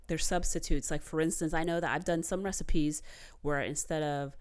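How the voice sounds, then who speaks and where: A woman co-hosting a casual comedy chat, upbeat and quick to defend herself. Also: low voice, fairly even intonation, smooth. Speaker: co-host.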